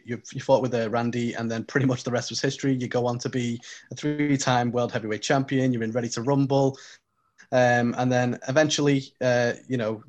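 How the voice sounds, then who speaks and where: A man hosting an interview, asking long questions with many "um"s and "you know"s. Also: mid-range voice. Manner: hesitant, filler-heavy questioning. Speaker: interview host.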